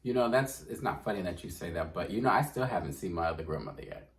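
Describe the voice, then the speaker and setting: A man's voice: low-pitched, fast talker, vocal fry. A man hosting a podcast, chatting casually and telling stories, laughing often. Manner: animated storyteller, laughs often. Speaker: podcast host. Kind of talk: casual chat.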